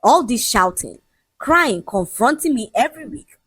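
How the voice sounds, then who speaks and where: A woman's voice: a little high, big pitch swings, a bit bright, husky, no room sound, pitched above the performer's own voice, exaggerated voice. A woman voicing an arrogant, dismissive young man who mocks and lectures his fiancée. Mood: mocking. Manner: mocking, lecturing, raised and quick.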